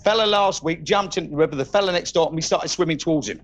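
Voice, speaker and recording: A man telling quick stand-up jokes as a comedian, punching up the quoted lines. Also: fairly high pitch, highs cut off. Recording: roomy, far from the mic, noisy.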